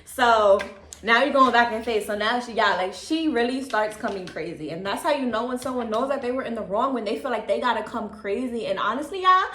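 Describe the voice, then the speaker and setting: A young woman telling a casual storytime, chatty and candid, with a calm, low-key delivery and lots of "like" and "you know what I'm saying.". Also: fairly quick, roomy sound. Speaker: vlogger.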